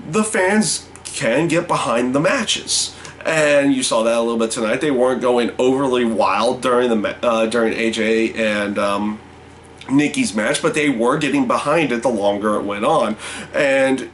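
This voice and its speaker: A man giving a casual spoken review of a wrestling show, halting, full of fillers and restarts. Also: medium pitch, fairly bright tone, a little hiss or hum.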